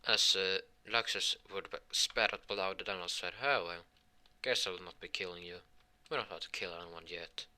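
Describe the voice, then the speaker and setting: Rambling man with a sharp, bright voice. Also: deep voice. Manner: rambling, halting delivery with many restarts; voices the characters' lines in his own voice. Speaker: fan fiction storyteller. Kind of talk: improvised fan fiction storytelling.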